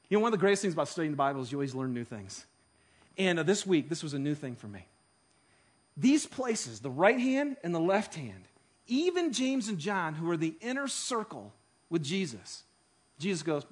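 A man preaching a sermon, telling stories with animated delivery that swings from hushed to loud. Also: on the high side, normal speed, slightly rough. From Detroit. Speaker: pastor.

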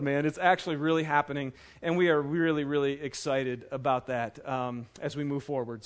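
A man's voice: high voice, fairly bright tone. A man in his thirties, a pastor, talking to his church in a chatty, enthusiastic way with many fillers and family stories. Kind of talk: casual sermon with family stories. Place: church auditorium.

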